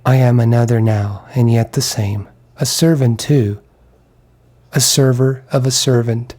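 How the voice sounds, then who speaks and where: A man reading an audiobook who voices a brooding young man, quiet and reflective. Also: mid-range voice, steady tone, a little slow, natural voice.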